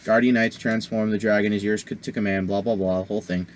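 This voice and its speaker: A man's voice: lowish voice, little pitch movement, fast, slight background noise. A man giving a casual movie review on his vlog, rambling with many fillers and self-corrections.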